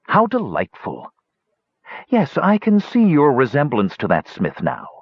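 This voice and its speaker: A man voicing a cruel hunchbacked male dwarf savant, silky, mocking and sinister, with a husky voice. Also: medium pitch, wildly swooping pitch, a little slow, dry recording, highs cut off, voice pushed up, full character voice.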